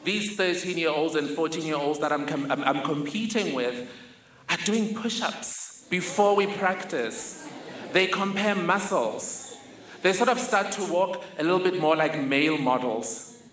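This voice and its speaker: A man's voice: fairly high pitch, a little slow, fairly bright tone. A young man telling a wry, vivid personal story on stage. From South Africa. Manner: vivid, wry, self-mocking. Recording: echoey hall, faint ambience.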